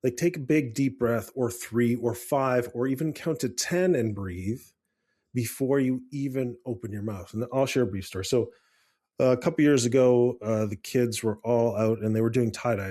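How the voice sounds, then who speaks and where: A middle-aged man co-hosting a parenting podcast, talking calmly and earnestly, telling personal stories with frequent restarts. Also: medium pitch, normal speed. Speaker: podcast co-host. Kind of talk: casual podcast chat.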